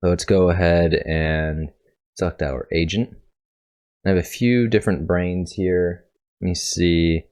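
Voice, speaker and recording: A man with a deep, low voice talks through his project in a casual tutorial. He sounds congested and rambles, often stopping to correct himself as he thinks aloud. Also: fairly even intonation, unhurried, a little mellow. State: congested, coughing. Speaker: coding tutorial host. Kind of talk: casual screen-share coding tutorial.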